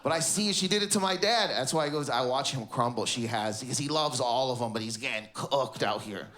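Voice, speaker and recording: A man from Canada doing a stand-up comedy set, acting out his family members in sudden shouted bursts. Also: medium pitch, a little fast. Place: comedy stage before a live audience. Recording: echoey venue with loud crowd laughter.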